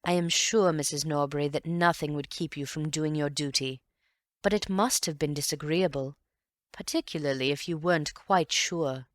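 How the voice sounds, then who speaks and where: A woman voicing a polite, curious young gentleman investigator in an audiobook, speaking cautiously. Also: low voice, moderate pace, no echo, clean studio sound, lightly acted. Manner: courteous and cautious. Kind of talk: audiobook character voice.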